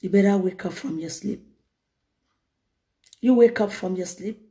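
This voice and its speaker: A woman evangelist preaching a lively sermon, telling a story dramatically. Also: medium pitch, unhurried. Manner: animated, laughing, dramatic retelling.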